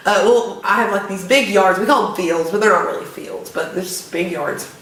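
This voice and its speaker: A young woman co-hosting a casual podcast, relaxed and quick to laugh. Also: mid-range voice. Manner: laid-back, laughs often. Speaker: podcast co-host. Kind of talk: casual chat. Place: room at home. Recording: roomy, distant mic with faint hiss.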